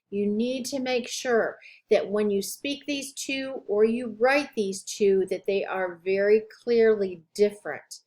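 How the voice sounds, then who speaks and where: A woman instructor giving a recorded lecture, drawing out each term with slow, deliberate enunciation. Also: mid-range voice, a little mellow.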